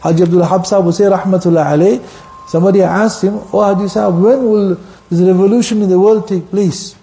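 Fast, high-voiced man preaching a sermon. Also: steady tone, dark tone. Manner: impassioned storytelling, mixing English with Arabic phrases and Quranic recitation.

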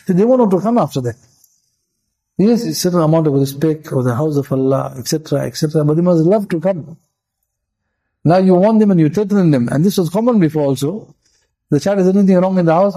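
A man's voice: a little high, brisk, mellow, poor audio. A man giving an informal sermon as a religious teacher, repeating phrases for emphasis and acting out the voices he quotes. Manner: acts out quoted speech.

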